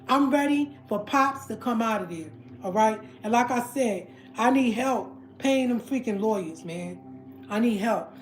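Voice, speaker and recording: A woman's voice: a little high, reverberant. A woman hosting a livestream, ranting heatedly and repeating herself as she calls her viewers family. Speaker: livestream host. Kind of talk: emotional livestream rant.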